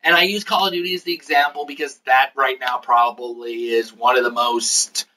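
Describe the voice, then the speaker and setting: A man's voice: mid-range voice, steady tone, normal speed, pushed and bright, distant mic, a little hiss or hum, rough recording. A man hosting a casual chat, explaining at length in a rambling way. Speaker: host.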